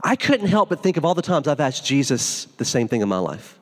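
A man's voice: medium pitch, big pitch swings, fairly quick, few pauses, big-room sound. A man preaching a sermon as pastor, in an informal, conversational way that is full of asides.

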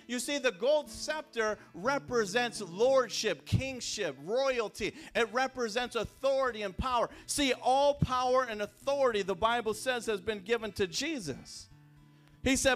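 A man preaching a sermon as pastor, talking in a conversational way with repeated phrases and restarts, dropping quiet and then rising loud. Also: extremely high pitch, a little slow, faint music behind. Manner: swings between hushed and raised. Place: church sanctuary.

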